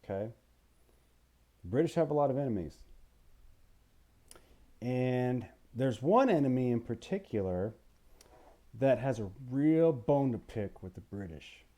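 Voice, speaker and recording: A man teaching a history lesson in a playful, animated way, asking the listener questions and now and then putting on voices. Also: medium pitch, measured pace, long pauses. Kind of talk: recorded history lecture.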